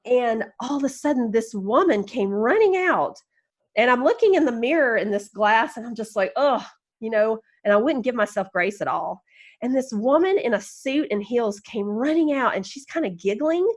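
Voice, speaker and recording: A woman guest on a podcast interview, telling self-mocking stories in an animated, encouraging way and laughing as she goes. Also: on the high side, normal speed. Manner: encouraging, upbeat. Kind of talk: casual storytelling interview.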